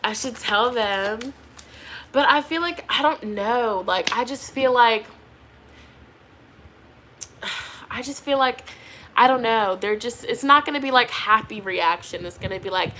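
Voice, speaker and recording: A woman's voice: a little high, measured pace, long pauses, sharp tone, slight background noise. A pregnant young woman doing a tarot reading, chatting casually with viewers and laughing often. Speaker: tarot reader.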